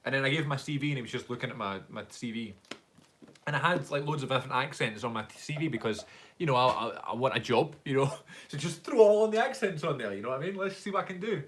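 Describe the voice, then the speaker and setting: A man's voice: medium pitch, animated, fast talker, a little hiss or hum. A young man with a Glaswegian accent, chatting casually on a live stream Q&A as a YouTuber and actor, rambling through stories and laughing often. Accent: Glaswegian Scottish. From Scotland.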